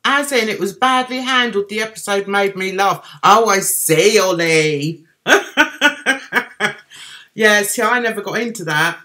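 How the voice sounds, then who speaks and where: A woman's voice: mid-range voice, moderate pace, hardly any pauses, bright, forceful tone. A middle-aged woman with a Cockney accent, casually chatting on a livestream and answering viewers' comments. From London, England. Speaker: livestream host reading chat. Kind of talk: casual chat.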